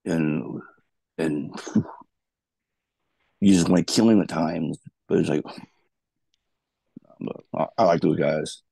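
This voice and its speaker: A man's voice: extremely low pitch, steady tone, slow, gravelly, pauses often, dark tone, husky, dry recording. A man telling rambling stories about his wrestling days in a casual interview. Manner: rambling, loose storytelling with restarts. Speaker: guest, former pro wrestler.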